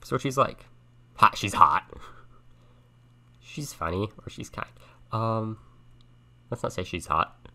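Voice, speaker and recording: A young man playing a chat game on stream, thinking aloud and softly reading the messages on screen. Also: fairly low pitch, lively intonation, unhurried, long pauses, a little hiss or hum. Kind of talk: casual let's-play commentary. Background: game music and keyboard typing.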